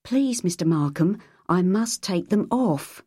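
A woman doing a husky young nurse. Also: lowish voice, animated, unhurried, mellow, no echo, clean studio sound, pitched above the performer's own voice. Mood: pleading. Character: young, flustered female nurse. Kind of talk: audiobook character voice.

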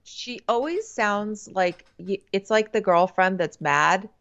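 A woman's voice: mid-range voice, slow, vocal fry, fairly bright tone, dull audio. A woman co-hosting a podcast, giving blunt, emphatic opinions about a TV show. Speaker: podcast co-host. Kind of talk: casual chat recapping a TV show.

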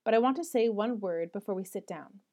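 A woman reading aloud voices a gentle, persuasive middle-aged mother speaking to her daughters. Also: mid-range voice, brisk, close to an everyday voice. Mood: tender.

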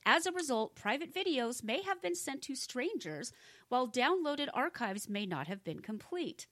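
A woman's voice: high voice, big pitch swings, normal speed, a bit bright, dry recording. A woman co-hosting a casual talk show, giving blunt, indignant commentary and reading news. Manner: blunt, indignant, laughs often. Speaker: co-host.

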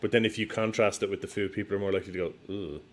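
A man from Ireland chatting casually on a podcast, halting and repeating words as he tells a story. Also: lowish voice, flat delivery. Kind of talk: casual chat.

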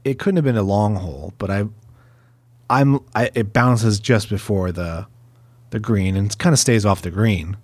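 A man who is a guest in a casual chat, easygoing and quick to laugh. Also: on the low side, darkish tone, no room sound.

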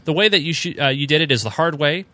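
Man, bright clear voice, casual podcast host, reads emails with lots of uh's. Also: fairly high pitch, quick pace, no room sound. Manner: reads emails aloud with fillers and chuckles.

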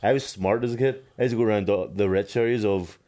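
A man's voice: lowish voice, fast talker, dark tone. A young man with a Belfast accent, co-hosting a podcast, telling stories in casual banter, laughing and swearing freely. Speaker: podcast co-host.

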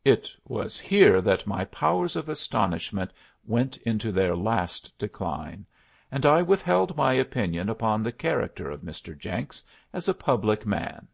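A man reading a first-person story aloud as an audiobook narrator, in a gravelly voice. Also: on the low side, sing-song, unhurried, dull audio.

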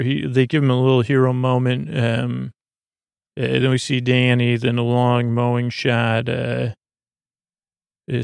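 A man giving a rambling recap of a show episode, halting often with fillers and restarts. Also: mid-range voice, gravelly, clear, resonant tone, dry recording, clean studio sound.

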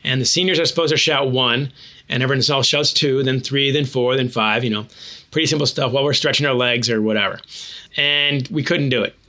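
A man, an author and former hockey coach, answering interview questions with animated, self-deprecating anecdotes. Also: medium pitch, fairly quick.

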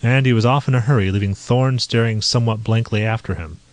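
Steady male audiobook narrator. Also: lowish voice, quick pace, no room sound. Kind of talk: scripted narration of a novel.

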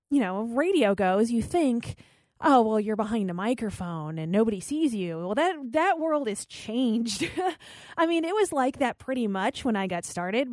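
A woman's voice: on the high side, a little mellow, no room sound, studio quality. A woman in her forties who works as a radio host, answering an interview question in a candid, rambling, self-deprecating way.

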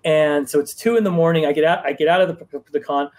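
Speaking quickly in a steady, higher, darkish voice, a man who writes comics rambles through a long story in a casual live-stream conversation. He restarts often and leans on fillers throughout.

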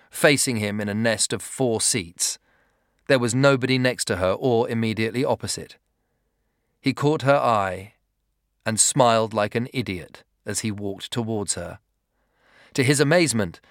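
A man's voice: fairly low pitch, no echo. Man narrating a story, dry sound. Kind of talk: scripted narration.

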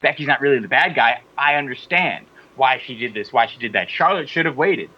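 A man's voice: medium pitch, fairly quick, breathy edge, dull audio, soft background music. Opinionated male podcast host. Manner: animated, rambling, opinionated. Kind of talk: casual opinionated chat.

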